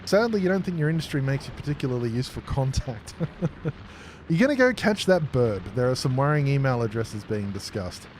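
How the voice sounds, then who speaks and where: A man's voice: mid-range voice, big pitch swings, moderate pace, a little mellow, slight background noise. A man streaming a factory-building game, chatting and joking casually with his viewers. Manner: jokey, chatty, responds to chat aloud. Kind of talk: casual live-stream chat.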